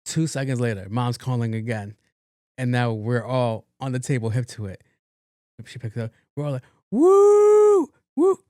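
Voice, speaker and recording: A man's voice: medium pitch, steady tone, moderate pace, darkish tone, no echo, studio quality. A man hosting a podcast, telling a story casually, swearing freely and slipping into the voices of the people in it. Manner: casual, profane, acts out the voices in his stories. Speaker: podcast host.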